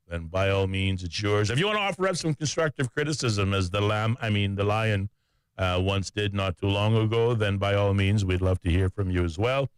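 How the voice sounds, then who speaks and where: A man hosting a radio talk show, chatty and joking about himself. His voice is low and smooth. The studio sound is dry and close. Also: no echo. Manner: chatty, joking and self-mocking.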